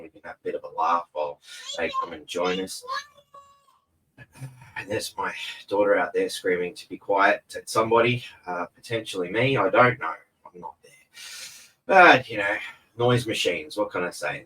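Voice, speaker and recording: A man's voice: low voice, a bit bright, recorded from a distance, rough recording. An Australian man hosting a casual live stream from home, rambling and laid-back and swearing freely. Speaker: host. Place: home room in front of a TV. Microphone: camera mic set back from him.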